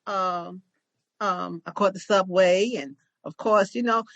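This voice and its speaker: An older woman, a podcast co-host, chatting casually and telling a long, lively story. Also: mid-range voice, slow, no echo, lo-fi sound. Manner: chatty storyteller who acts out other people's lines. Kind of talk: casual chat.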